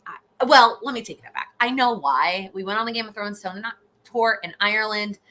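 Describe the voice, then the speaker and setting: A bright, clear-toned young woman hosts a live question-and-answer stream. Her talk is loose and chatty, full of restarts and casual fillers as she answers viewers. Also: mid-range voice, moderate pace. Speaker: host, goal-setting coach. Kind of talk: live Q&A chat.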